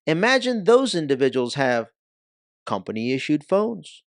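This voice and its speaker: A man's voice: on the high side, big pitch swings, unhurried, no room sound, clean studio sound. A man talking as a podcast guest in a casual interview, with an emphatic, punchy delivery.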